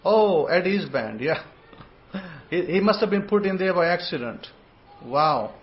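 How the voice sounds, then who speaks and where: A man hosting an informal online scripture lesson, rambling and repeating words, sometimes sounding out syllables slowly. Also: high voice, expressive, lo-fi sound. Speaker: host and religious teacher.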